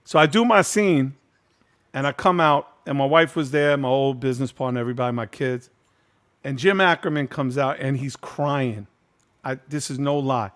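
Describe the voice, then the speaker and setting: A man's voice: mid-range voice, moderate pace. A man in his fifties hosting a casual video-call reunion, telling a candid, profane story and acting out what people said. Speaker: host.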